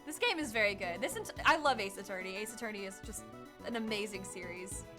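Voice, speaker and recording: A young woman streaming a game, reacting in a chatty, excitable way. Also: mid-range voice, brisk. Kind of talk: gaming let's-play commentary. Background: faint music.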